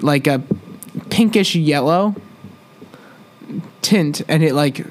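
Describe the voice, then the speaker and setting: A man running a tabletop game as game master, narrating events in a halting, restarting way. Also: a little high, animated.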